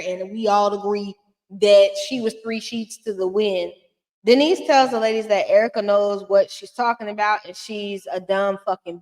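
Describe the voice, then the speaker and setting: A sassy woman recapping a reality show in loose, casual commentary. She talks bluntly and swears freely, at a middling pitch. Her voice carries a long reverb from the room.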